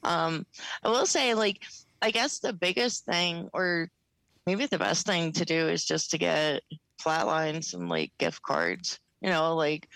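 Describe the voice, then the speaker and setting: A woman's voice: sits low, creaky, fairly bright tone, no echo, poor audio. A woman co-hosting a casual podcast, rambling with many fillers. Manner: rambling, filler-heavy talk. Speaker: podcast co-host.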